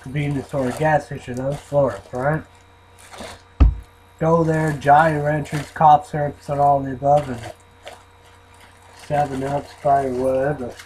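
A man's voice: mid-range voice, little pitch movement, measured pace, long pauses, a little mellow, slight background noise, low-quality recording. A man rambling and swearing in a casual vlog, often trailing off into mumbles. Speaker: vlogger reviewing an energy drink.

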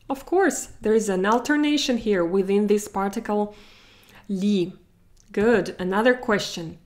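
Female language tutor, unhurried, mid pitch, careful drill-style delivery. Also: a little mellow. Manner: slow, careful modeling of Russian example sentences. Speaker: Russian language teacher. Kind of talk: explaining grammar to learners.

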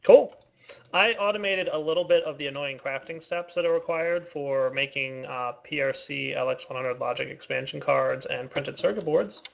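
A man's voice: fairly high pitch, normal speed, vocal fry, dull audio. A man co-hosting a casual game video, upbeat and teasing. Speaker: co-host of a game video series. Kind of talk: casual gameplay chat.

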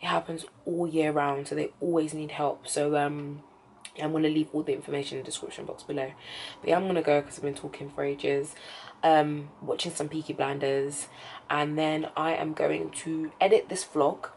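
A woman with a London accent talks straight to camera from her home, chatty and heartfelt. Her voice sits low and dark, and her speech sometimes sinks almost to a whisper. A faint room hum sits under it. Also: flat delivery, moderate pace, gravelly, low-quality recording. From England. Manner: chatty and heartfelt, drops to a soft near-whisper at times. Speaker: vlogger. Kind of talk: casual vlog chat. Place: indoors at home.

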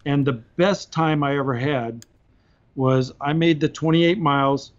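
Podcast guest, male, slightly high pitch, lively storyteller who laughs mid-story; muffled audio. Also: a little slow. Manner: animated, laughs through his stories. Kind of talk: casual storytelling.

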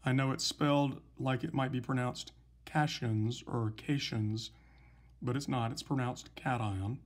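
A man teaching a recorded chemistry lesson, explaining patiently and slowly with some fillers. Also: medium pitch, level tone. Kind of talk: recorded lecture, writing examples.

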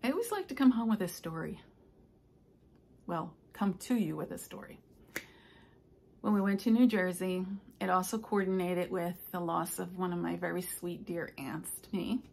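An older woman, a stitching vlogger, chatting casually and telling rambling stories with soft asides. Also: fairly low pitch, normal speed, vocal fry, a little hiss or hum. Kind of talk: casual chat.

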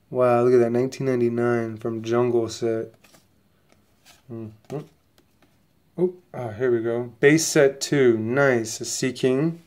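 A man hosting his own casual unboxing vlog, talking excitably and rambling straight to his viewers while sniffly from a coming cold. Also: medium pitch. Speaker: channel host opening trading cards.

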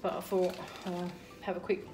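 A woman's voice: fairly low pitch, flat delivery, normal speed, dark tone, slight background noise. A woman with an Australian accent chatting casually to camera as a vlogger at home, rambling with lots of ums.

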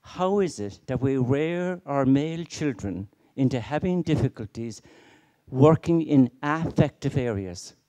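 A man's voice: mid-range voice, animated, unhurried, mellow. A middle-aged man giving a conference keynote, emphatic and full of rhetorical questions and stories. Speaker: keynote speaker.

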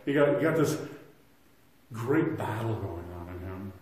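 A man in his thirties with a fairly low voice preaches a sermon in a church sanctuary, and the room rings with heavy echo. He is earnest, rising to loud emphasis and then dropping to a soft hush. He often doubles a word as he restarts a thought. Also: expressive, unhurried. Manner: earnest, swings between loud emphasis and soft hushed lines; repeats words when restarting. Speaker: pastor.

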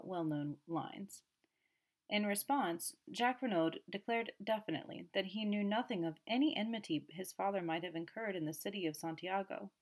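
A woman narrating an audiobook in a steady, measured way. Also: mid-range voice.

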